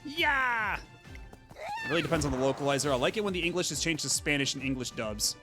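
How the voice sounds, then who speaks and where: A man's voice: a little high, animated, racing, music in the background. A man streaming a game, chatting casually in a rambling, filler-heavy way. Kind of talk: casual gaming commentary.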